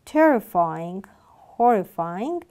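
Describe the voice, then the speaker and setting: A woman's voice: medium pitch, big pitch swings, slow pace, warm tone, clear, resonant tone. Woman, English teacher, patient, repeats and asks questions. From Georgia. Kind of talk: classroom lesson.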